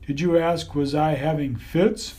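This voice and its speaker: A man voicing a dim, bashful male dog with long ears, speaking in a slow, hesitant drawl in an audiobook. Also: on the high side, steady tone, a little mellow, lightly acted. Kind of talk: audiobook character voice.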